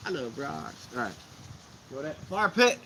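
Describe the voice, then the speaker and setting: A man's voice: medium pitch, big pitch swings, a little slow, pushed and bright, a little hiss or hum, low-quality recording. A man hosting a casual livestream outdoors by a fire pit, rambling and joking with his viewers. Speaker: livestream host.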